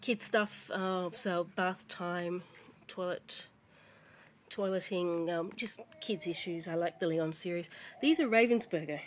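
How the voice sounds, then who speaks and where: A woman's voice: fairly low pitch, unhurried, slight background noise. Chatty woman showing kids' books. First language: English. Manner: chatty, rambling, many fillers and restarts. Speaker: parent showing children's books. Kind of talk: casual show-and-tell chat. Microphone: camera mic.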